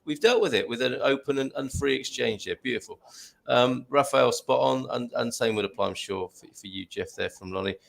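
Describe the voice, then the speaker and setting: A man's voice: mid-range voice, a little fast, vocal fry, a bit bright. A man hosting a casual online chat on a video call, upbeat and reading out viewer comments. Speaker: host.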